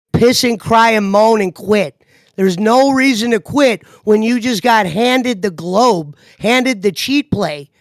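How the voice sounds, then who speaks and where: A man co-host giving confident commentary, explaining his view in quick bursts. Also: sits high, fairly bright tone, no room sound. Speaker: podcast co-host. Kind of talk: casual commentary.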